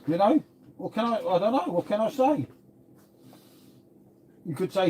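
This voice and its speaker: A man's voice: sits high, animated, a little slow, pauses often, darkish tone, a little hiss or hum. Chatty English man calling everyone mate. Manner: chatty, laid-back, calls everyone mate. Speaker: live streamer. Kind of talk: casual live-stream chat answering viewer comments.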